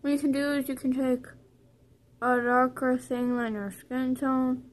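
A young woman vlogger walks through a tongue-in-cheek beauty tutorial in a high voice, lingering over every word. She rambles playfully, restarts sentences and cracks jokes along the way, with a flat delivery and a measured pace.

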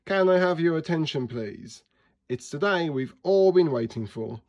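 Man playing a brave potato superhero, cheerful, rousing, storybook hero, raised pitch. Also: lively intonation, moderate pace, dull audio.

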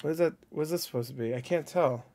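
A man talks through a reaction video in loose, unscripted commentary. His voice sits a bit high, and he rambles from thought to thought, restarting sentences and filling pauses. He gets excitable, laughing and swearing freely. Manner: thinks aloud with many fillers and restarts.

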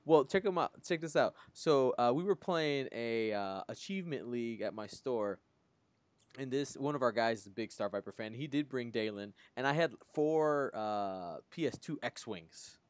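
A man's voice: medium pitch, expressive, normal speed, dry recording. Jokey man in casual podcast chat. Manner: jokey, laughs often. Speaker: podcast co-host.

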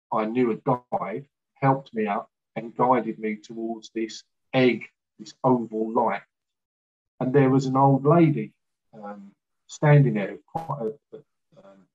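A man recounting an experience as a guest, talking haltingly with fillers and restarts. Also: medium pitch, husky, muffled recording. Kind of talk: casual storytelling in an interview.

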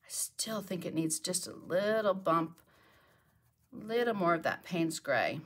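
Speaking at a measured pace in a fairly low, animated voice, a middle-aged woman hosts a live painting tutorial from her home art studio. She's chatty and narrates to herself as she paints.

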